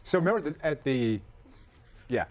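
A man's voice: mid-range voice, lively intonation, normal speed. A man hosting a casual comedy chat show, with a playful, teasing, rambling way of talking. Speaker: podcast host.

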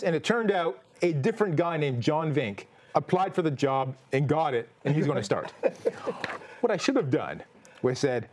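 Lively, high-voiced male talk show host. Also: normal speed. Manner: playful, deadpan jokey.

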